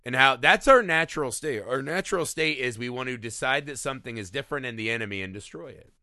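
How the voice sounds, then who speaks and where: A man's voice: medium pitch, expressive, quick pace, bright, forceful tone, dry recording, clean studio sound. A man co-hosting a casual film discussion, loose and profane, who keeps tagging his points with "right?". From small-town America. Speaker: podcast co-host.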